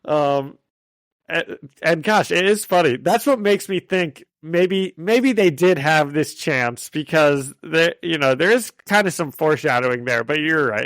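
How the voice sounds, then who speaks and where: A man's voice: fairly high pitch, gravelly, fairly bright tone, no room sound. A man co-hosting a casual comic-book podcast, recapping the story and laughing often. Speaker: podcast co-host.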